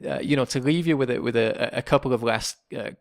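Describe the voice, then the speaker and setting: A man's voice: medium pitch, fast talker. An English man co-hosting a podcast, chatting casually, laughing often and quoting lines in comic voices. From England. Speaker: podcast co-host. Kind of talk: casual chat.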